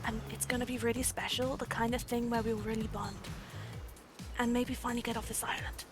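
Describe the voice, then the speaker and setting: A woman voicing a shy male killer in whispered role-play, soft and hushed. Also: fairly high pitch, normal speed, over music, natural voice.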